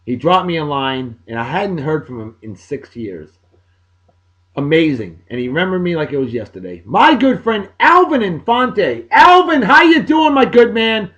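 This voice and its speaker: Exuberant New man, lively pitch. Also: normal speed, lo-fi sound. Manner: exuberant, folksy catchphrases. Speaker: podcast host giving birthday shout-outs. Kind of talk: casual chat.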